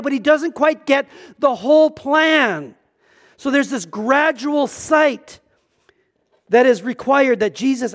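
Earnest high-voiced male pastor preaching. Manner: earnest, emphatic, repeats words when starting a thought. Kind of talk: sermon.

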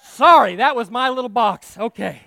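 High-voiced, impassioned male pastor preaching. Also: expressive, normal speed, creaky. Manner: passionate, swings from shouting to hushed; folksy and emotional. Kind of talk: sermon.

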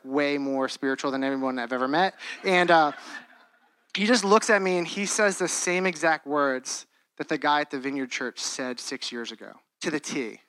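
A man's voice: high voice, sharp tone, clean tone, dry recording. A young man in his twenties preaching a sermon in an earnest, conversational way, with frequent restarts and casual fillers.

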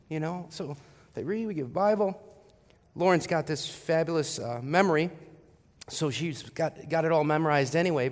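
A middle-aged man, a pastor, preaching a sermon and telling a family story with animated quoted voices. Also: a little high. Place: church sanctuary. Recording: long reverb of a church hall.

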